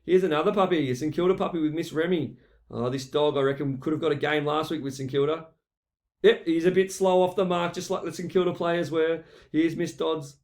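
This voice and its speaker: A man calls a video in the manner of a football commentator, teasing and lively. His voice sits a little high for a man. The delivery is quick with one-liners. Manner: playful, teasing, animated commentator. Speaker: mock sports commentator. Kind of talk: jokey mock football commentary.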